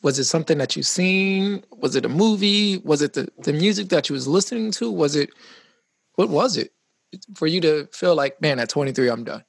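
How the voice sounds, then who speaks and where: A man's voice: a little high, expressive, moderate pace, creaky, husky, dry recording. A man interviewing a guest, supportive and asking probing questions. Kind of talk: podcast interview.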